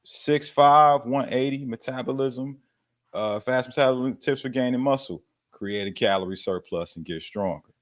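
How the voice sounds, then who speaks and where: Speaking at normal speed in a mid-range voice, a fitness coach hosts a relaxed livestream Q&A. His banter is slangy and laid-back, peppered with laughs and offhand swearing.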